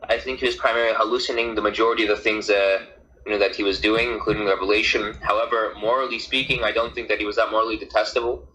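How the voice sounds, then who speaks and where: A male caller giving measured, analytical answers on a debate call. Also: fairly low pitch, level tone, sharp tone, slight background noise, rough recording. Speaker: guest caller.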